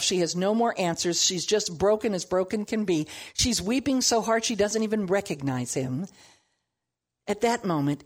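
Lively husky woman teaching the Bible. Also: mid-range voice. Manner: animated storytelling with humorous asides.

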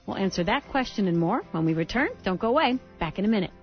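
A woman's voice: medium pitch, animated, fast, over music. A woman hosting a faith-based radio talk show, an enthusiastic and encouraging interviewer. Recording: dull lo-fi broadcast sound.

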